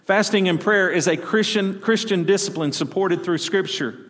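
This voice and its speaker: Southern preacher in a reverberant church. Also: male voice, high-pitched, normal speed, fairly bright tone. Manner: preachy, call-and-response, folksy storytelling. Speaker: pastor. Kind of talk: sermon. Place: church sanctuary. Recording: long reverb of a church hall.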